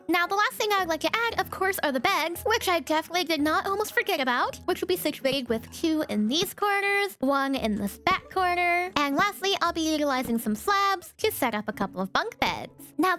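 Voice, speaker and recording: A woman's voice: very high-pitched, fairly bright tone. A young woman narrating her gameplay in a cheerful, chatty way that breaks into squeals and giggles. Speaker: gaming YouTuber. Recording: faint background music.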